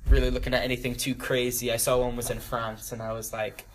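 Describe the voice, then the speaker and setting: A man's voice: medium pitch, little pitch movement, quick pace, a little hiss or hum. Young man rambling through a talk. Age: 20s. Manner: rambling, many ums and restarts, laughs at his own stories. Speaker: youth group speaker. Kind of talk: casual talk to a small group. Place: church room with a small group.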